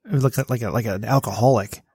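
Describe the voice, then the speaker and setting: A man's voice: mid-range voice, fast, a little mellow, breathy edge, no echo. A man hosting a casual podcast, rambling and self-deprecating, swearing freely, his voice a bit worn tonight. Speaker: podcast host. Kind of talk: casual chat.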